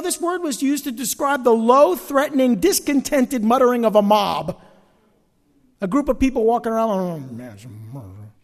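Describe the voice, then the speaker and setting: Preaching a sermon in a vast church sanctuary, this middle-aged pastor speaks in a bright, high voice with wide swoops between lines, and the room answers with long reverb. He's lively and funny, mocking himself while dramatizing the small gripes of daily life.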